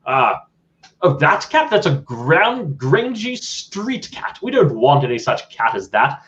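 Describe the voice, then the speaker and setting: A man voicing a haughty, well-groomed rich gentleman with a handlebar mustache who talks down to others, in a tabletop game. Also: fairly high pitch, big pitch swings, slow pace, exaggerated voice. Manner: snooty, condescending. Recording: dull lo-fi audio.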